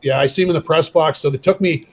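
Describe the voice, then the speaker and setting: With a fairly high pitch and a fast delivery, a middle-aged ex-enforcer from pro hockey tells a casual story as a podcast guest. He animatedly plays out the dialogue he quotes, though the audio is poor.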